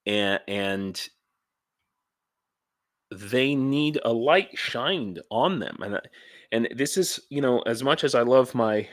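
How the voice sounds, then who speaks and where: A man talking casually on his vlog, halting and rambling with many restarts, tired and dehydrated, blunt and ranty. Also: medium pitch, lively intonation, no room sound, studio quality. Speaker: YouTuber and volunteer in Ukraine.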